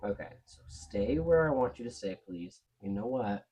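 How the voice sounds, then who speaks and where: In a crafting video, a man walks viewers through each step, chatting frankly with them while he works, and he sounds out of breath. His lowish voice is expressive, mellow, and slightly rough, at a moderate pace.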